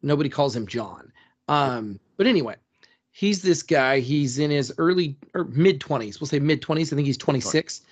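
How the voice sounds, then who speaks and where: A man's voice: on the high side, expressive, normal speed. A man co-hosting a casual history podcast, retelling a story loosely, with lots of "like" and "um". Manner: rambling storyteller, constant "like" and "um" fillers. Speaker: podcast co-host.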